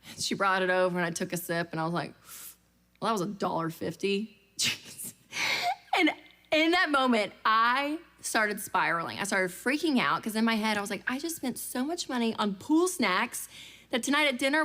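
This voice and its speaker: Young woman telling a story to a church crowd, animated, acts out the voices, kinda high voice. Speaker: speaker at a church budgeting class. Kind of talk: storytelling talk to an audience.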